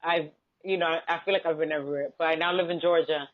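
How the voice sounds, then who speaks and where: A woman's voice: deep voice, fast, phone-quality sound. A woman with a Bronx Dominican accent whose first language is Spanish, telling stories as an interview guest and acting out the voices in them. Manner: animated storyteller, acts out quoted exchanges. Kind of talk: casual interview chat.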